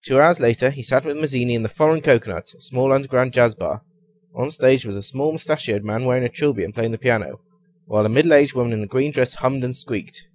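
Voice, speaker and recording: A man reading a comic detective story aloud with a wry, expressive delivery. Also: medium pitch, fast talker, slight background noise.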